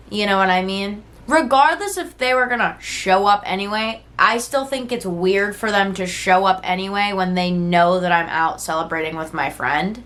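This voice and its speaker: A woman's voice: medium pitch, moderate pace, a bit bright. Woman, twenties, storytime vlog, casual, rambling, candid, earnest, lots of "like". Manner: rambling, heavy use of "like" and "right?". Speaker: vlogger telling a personal story.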